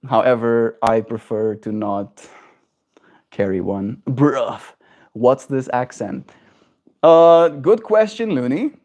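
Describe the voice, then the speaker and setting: Reading out viewer comments on a casual live stream, this young man from South Africa speaks slowly in a mid-range voice. His accent is a self-shaped neutral one with a slight American lean, and his animated chatter is full of "like" and "right?" tags.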